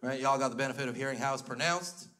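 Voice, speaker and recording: A man in his thirties from Alberta, Canada performs stand-up before a live crowd, telling crude, self-mocking stories. His voice is mid-range and quick, and the live stage recording is loud and noisy.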